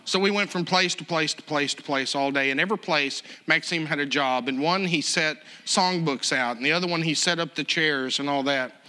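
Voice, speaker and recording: A man telling a story in a sermon, animated and chuckling as he acts out the other people. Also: fairly high pitch.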